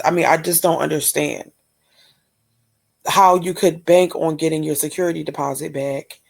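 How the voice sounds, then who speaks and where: A woman from Pennsylvania hosting a reaction channel, giving casual, critical, exasperated commentary. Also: low-pitched.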